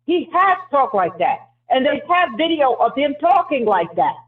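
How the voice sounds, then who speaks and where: A man's voice: extremely high pitch, big pitch swings, moderate pace. A man hosting a call-in show, insistently repeating his point and talking over a caller in a heated debate. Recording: phone-line audio.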